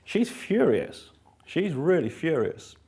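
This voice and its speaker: A man's voice: fairly high pitch, sing-song, slow, mellow. A man, a therapist and trainer, giving a live workshop talk in an emphatic, blunt way, repeating key lines and telling stories with dry self-mockery.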